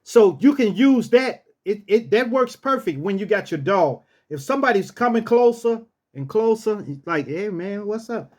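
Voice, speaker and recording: A man telling a casual story and teaching dog commands, repeating himself and calling out each command in a rough, drill-sergeant tone. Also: sits high, expressive, normal speed, hardly any pauses. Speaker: storyteller host.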